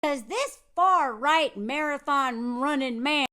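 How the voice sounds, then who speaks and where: An American woman with a Southern accent ranting sarcastically in a political commentary vlog, swinging between loud and soft. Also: sits high, expressive, slow pace. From United States.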